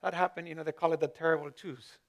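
A man's voice: fairly high pitch, level tone, fast, dull audio. A male pastor giving a conversational sermon, often repeating words as he searches for them and lifting his voice for emphasis.

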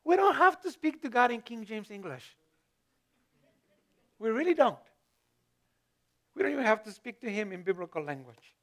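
A man's voice: very high voice, sing-song, moderate pace, long pauses. A male pastor giving a conversational sermon, often repeating words as he searches for them and lifting his voice for emphasis.

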